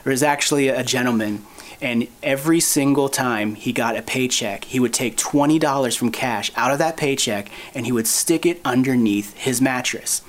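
A male pastor giving a sermon for an online church, relaxed and conversational, mixing in dad jokes. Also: medium pitch, moderate pace. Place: recorded for online church at home.

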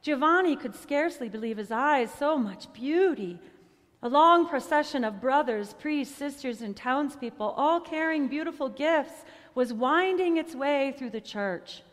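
Lady reading a story slow and expressive, ends in a prayer, lots of hall echo. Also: high-pitched.

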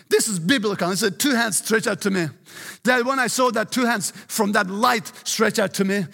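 A man's voice: high-pitched, creaky, bright, forceful tone, long reverb tail. A middle-aged male pastor preaching an emphatic sermon, often urging listen and praise God.

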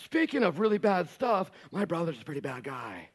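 Guy putting on a high whiny petty dude begging for stuff, all over the place in pitch. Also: big pitch swings, a little fast, slightly rough. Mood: whining. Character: whiny grown man from the crowd, petty and self-absorbed.

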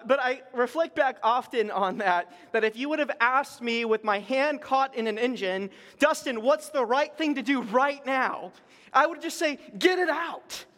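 Brief: middle-aged man, pastor, high voice, chatty storytelling sermon, big echoing hall. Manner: conversational, animated storytelling with self-deprecating humor. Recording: long reverb in a large hall.

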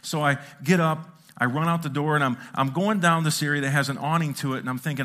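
A pastor telling a lively, self-mocking story in a sermon, acting out sounds and his own thoughts. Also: on the high side, fairly quick, hardly any pauses. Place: church sanctuary.

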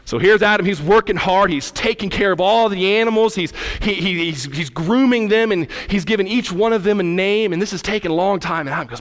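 A man preaching to his church, with a voice pitched a little higher than most men. He keeps it conversational, calls out questions to the congregation and slips into short acted-out dialogues as he tells the story. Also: quick pace, few pauses. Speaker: pastor. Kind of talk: sermon.

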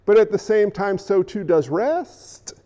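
A male pastor with a notably high voice who preaches slowly and deliberately. He keeps asking rhetorical questions and leaves dramatic pauses. His voice rings with a long reverb in a large church sanctuary. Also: lively intonation, warm tone, lo-fi sound. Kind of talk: sermon.

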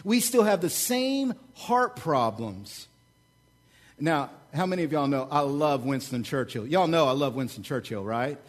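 High-pitched pastor guy, animated preaching, gets loud then drops low. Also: measured pace. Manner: animated, swings between loud emphatic peaks and low asides; joking, conversational asides to the congregation. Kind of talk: sermon. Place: church.

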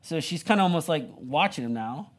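A man's voice: on the high side, animated, a little fast. A young man preaching a sermon, retelling the story in a casual, conversational way full of "like" and "you know". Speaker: pastor.

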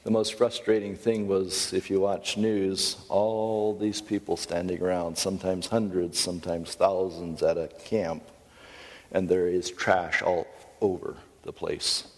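A middle-aged man teaches a Christian seminar in a low, deep voice. He speaks emphatically and earnestly, breaking in with wry asides about himself. The big room gives every phrase a long, lingering echo. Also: level tone, a little slow.

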